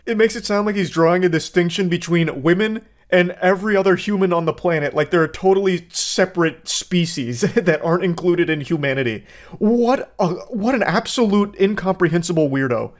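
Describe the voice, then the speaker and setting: A man's voice: a little high, expressive, a little fast. A man hosting a commentary video who reacts in a sarcastic, incredulous way, reading out messages with blunt profanity. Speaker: commentary host.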